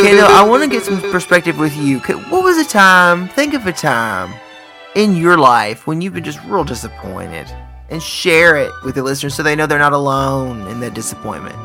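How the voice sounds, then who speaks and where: A man in his thirties co-hosting a comedic podcast, speaking with a mock-earnest, drawn-out comic delivery. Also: a little high, very animated, pushed and bright, soft background music. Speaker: podcast co-host.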